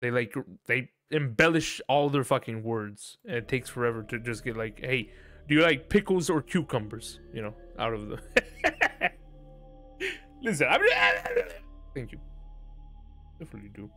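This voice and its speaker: Casting: unhurried, cursing male streamer chatting with chat, faint music behind. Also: mid-range voice. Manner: profane, animated, bursts of loud laughter. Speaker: game streamer. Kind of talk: casual live-stream chat.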